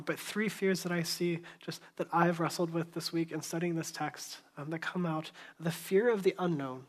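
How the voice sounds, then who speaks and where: A male pastor with a voice that sits high preaches a sermon in church. He tells the story conversationally, acting out voices and lowering to a hushed tone.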